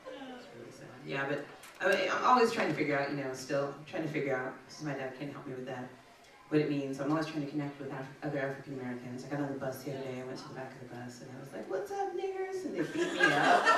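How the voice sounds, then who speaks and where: A woman's voice: very deep voice, expressive, brisk, noisy background. A woman stand-up comedian telling chatty stories and bantering with the audience, recorded on a comedy club stage. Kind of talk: stand-up set with crowd work. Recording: echoey club, distant mic, audience laughter.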